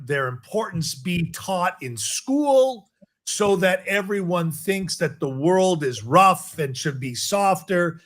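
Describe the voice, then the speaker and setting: Male podcast co-host, slightly high voice, slow measured delivery, stacks up points in lists. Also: fairly bright tone. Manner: deliberate, builds long lists. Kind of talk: political commentary.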